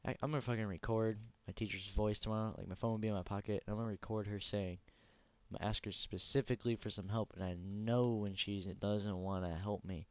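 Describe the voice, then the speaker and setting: A weary man hosting a gaming channel rants with blunt profanity as he comments on his console play in a casual let's play. His lowish voice stays steady and fast, slightly mellow, clear and resonant. The recording is dry, from a dull lo-fi mic.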